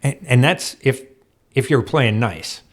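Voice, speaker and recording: A man spinning old racing stories as a guest in a studio. He is lively and quick to laugh, and he slips into other people's voices as he goes. His pitch sits mid-range for a man. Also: slightly rough. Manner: animated, laughs often, acts out quotes. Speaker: guest, off-road racer. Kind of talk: storytelling interview chat.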